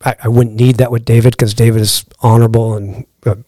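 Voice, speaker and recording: A man's voice: medium pitch, quick pace, no room sound. A middle-aged man, a podcast guest, telling a long anecdote in a casual way and acting out the dialogue of the people in it. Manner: lively anecdote-teller who acts out quoted dialogue. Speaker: podcast guest, lodge owner. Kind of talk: casual storytelling.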